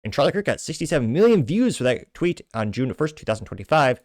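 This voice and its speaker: Fast-talking man hosting commentary. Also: medium pitch, very animated, dry recording, studio quality. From Texas. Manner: quick, opinionated, frequent restarts. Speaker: host. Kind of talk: political commentary reading social media posts.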